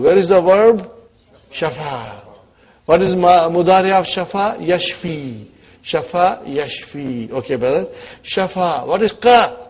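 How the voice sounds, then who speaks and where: This slightly high voice with a breathy edge belongs to a man teaching Arabic grammar. He encourages his students, checks in frequently, and lets his phrases trail off softly.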